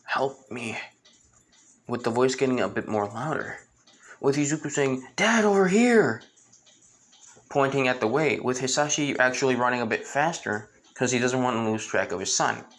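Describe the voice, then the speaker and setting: A man's voice: mid-range voice, brisk, fairly bright tone. A man telling a fan story in a casual, rambling way, with restarts and asides.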